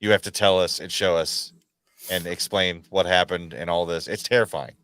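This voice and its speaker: A man telling stories in a lively, slangy podcast chat, full of "dude" and "man". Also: low-pitched, moderate pace, no echo. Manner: animated storyteller, slangy, says dude and man a lot. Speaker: podcast guest. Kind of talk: casual chat.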